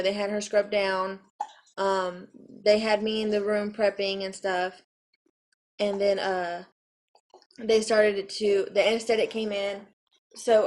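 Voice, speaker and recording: A young woman in her twenties from Arizona tells a personal story straight to the camera, in a casual vlog style. She rambles emotionally, with lots of fillers and restarts. Her voice sits at an ordinary middle pitch for a woman. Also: a little mellow. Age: 20s. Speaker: vlogger telling her birth story.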